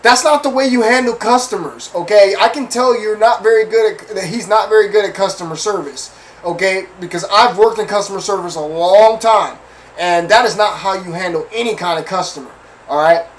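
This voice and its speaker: High-voiced male host, casual storyteller, chatty and slangy with listeners. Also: fairly quick, slight background noise, rough recording.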